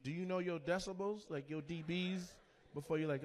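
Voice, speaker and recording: A man doing stand-up crowd work in a comedy club, loud and teasing, and slipping into playful mock voices. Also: fairly high pitch, brisk, a little hiss or hum. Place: comedy club stage before a live audience.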